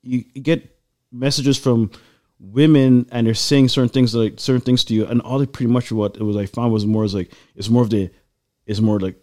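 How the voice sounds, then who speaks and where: A man in casual chat, telling a long personal story in a rambling, animated way with lots of fillers. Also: medium pitch, a little fast. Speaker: guest.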